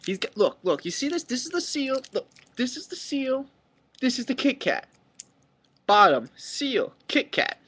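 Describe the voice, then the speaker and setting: High-voiced young man ranting to camera. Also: sing-song, a little slow, sharp tone, slight background noise. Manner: exaggerated mock-angry ranting, swearing. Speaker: vlogger. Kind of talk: comedic rant to camera.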